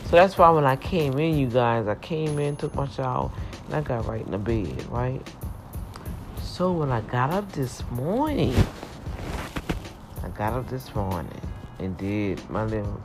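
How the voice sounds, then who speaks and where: A woman's voice: rumbling low, animated, a little slow. A middle-aged woman talking to her viewers in a chatty, emotional personal faith vlog. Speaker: vlogger. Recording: praise music playing underneath. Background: praise music.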